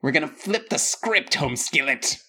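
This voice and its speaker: Casting: male comedy podcast co-host, playful and theatrical, slightly high voice. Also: animated, normal speed, pushed and bright, husky. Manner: playful, bursts into bits and mock drama. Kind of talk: comedic banter.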